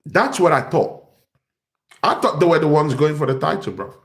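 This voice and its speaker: A man's voice: on the high side, expressive, moderate pace, a bit bright. A young man, host of a football fan channel, ranting in exasperation and repeating himself. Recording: echoey room.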